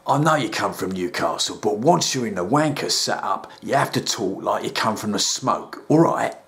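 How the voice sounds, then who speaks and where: A man voicing a gruff middle-aged London rehab counselor who talks down in a deadpan, patronizing way. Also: moderate pace. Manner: low, deadpan and patronizing, calls everyone son. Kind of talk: sketch comedy voice acting.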